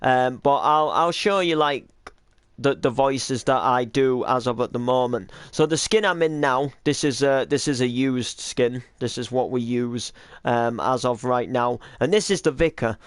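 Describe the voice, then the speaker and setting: Man explaining his game roleplay, hesitant, rambling, smooth and dry. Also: medium pitch, measured pace, no echo. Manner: rambling, hesitant with many restarts. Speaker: roleplay series creator and cameraman. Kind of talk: casual chat.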